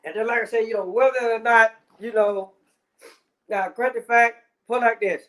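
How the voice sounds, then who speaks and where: A man's voice: extremely high pitch, steady tone, moderate pace, a bit bright. A man ranting in casual commentary, heavy on swearing and repeated fillers. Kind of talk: profane rant.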